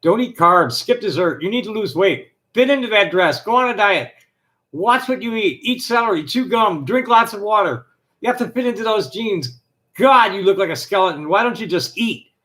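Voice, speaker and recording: A man with a notably high voice hosts a live stream. He reads a text aloud in a steady, rhythmic list cadence, then drifts into loose, rambling chat with small restarts. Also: normal speed.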